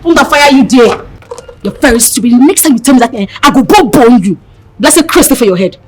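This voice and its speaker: A woman's voice: on the high side, expressive, brisk, slight background noise, lightly acted, low-quality recording. An actress with a Nigerian accent playing a scornful, hot-tempered wealthy madam who scolds and mocks her maid. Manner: scolding, mocking, blunt. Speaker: employer of the maid.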